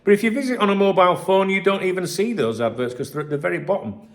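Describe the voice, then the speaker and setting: A man's voice: high voice, fast. Chatty man rambling at his desk. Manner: chatty, rambling, swears freely. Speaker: channel host. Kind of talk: casual vlog chat to camera. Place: home office, at his desk.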